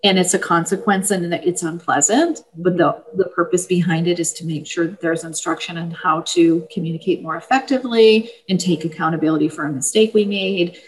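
A woman, an author of parenting books, explaining her books and advice in a steady, easygoing interview manner with small fillers. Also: fairly low pitch, brisk, hardly any pauses, poor audio. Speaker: parenting book author, guest. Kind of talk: casual interview talk.

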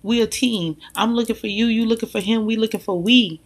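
A woman, a mother, speaking in a casual, animated monologue, talking emphatically and directly to her listeners. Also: fairly high pitch, fairly quick, husky. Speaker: mother sharing views.

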